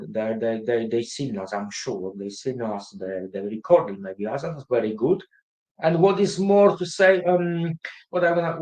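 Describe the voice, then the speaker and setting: Halting man in an echoey room. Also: a little high. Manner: halting, searching for words, many fillers. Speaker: guest. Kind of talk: casual livestream chat.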